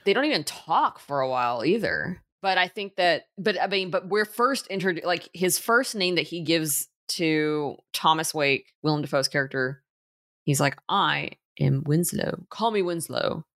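A woman's voice: deep voice, normal speed, fairly bright tone, dry recording, studio quality. A woman co-hosting a casual movie podcast, chatty, with lots of fillers and restarts. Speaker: podcast co-host.

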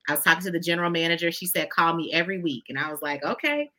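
A woman guest on a talk show, telling stories in an expressive, folksy way and often addressing listeners directly. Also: fairly low pitch, very fast. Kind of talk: conversational storytelling.

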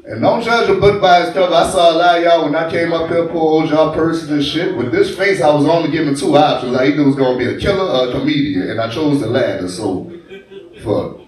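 A young stand-up comic from New Orleans, crude and swaggering, with a high voice and his own accent. He is recorded live in a bar from a distance, so the sound booms back off the room. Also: brisk, heavy reverb. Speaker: stand-up comedian. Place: bar stage.

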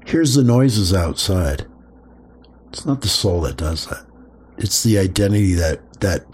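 A man's voice: low-pitched, breathy edge. A man hosting a podcast, talking casually about spirituality, acting out quoted voices and swearing freely. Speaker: podcast host.

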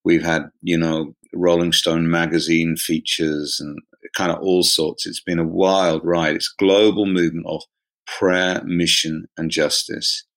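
Low-voiced Englishman, chatty and wry. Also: level tone, a little slow, fairly bright tone. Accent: southern English. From southeast England. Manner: self-deprecating, chatty, laughs often. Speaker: pastor and guest. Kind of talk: casual interview chat. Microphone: remote call.

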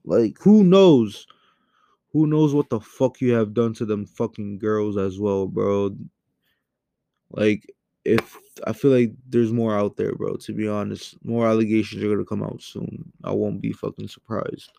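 A young man giving a heated, profane rant into a home microphone, swinging between loud outbursts and low muttering. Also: steady tone, a little slow, vocal fry, no echo. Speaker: commentary host. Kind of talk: angry ranting commentary.

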